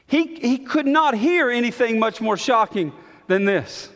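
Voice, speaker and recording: Man, preacher, high voice, slow deliberate delivery, dramatic pauses, emphatic repetition, reverberant church hall. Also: sing-song, a bit bright. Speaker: pastor. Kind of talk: sermon.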